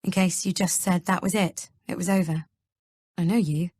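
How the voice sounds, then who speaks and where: Worried young husband, hesitant and gentle, read by a woman narrator; low, dry recording. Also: steady tone, normal speed, breathy edge, no room sound. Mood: earnest. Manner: soft, hesitant pleading. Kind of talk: audiobook character reading.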